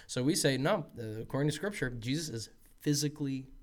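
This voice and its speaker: Man, mid-pitched voice, earnest, emphatic, casual faith discussion, frequent restarts. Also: expressive, brisk. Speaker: podcast co-host.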